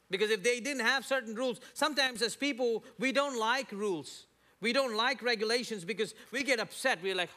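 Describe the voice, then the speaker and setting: Middle-aged male pastor, high bright voice, chatty sermon delivery with stumbling repeats. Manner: conversational, repeats words, tells personal anecdotes.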